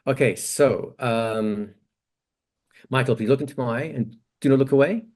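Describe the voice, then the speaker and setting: A man leads a hypnosis training session with a voice of ordinary, middling pitch. He walks a student through an exercise step by step and keeps checking in with quick questions. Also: a little mellow. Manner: explains step by step, checks in with "right?". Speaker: hypnosis instructor. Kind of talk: teaching demonstration.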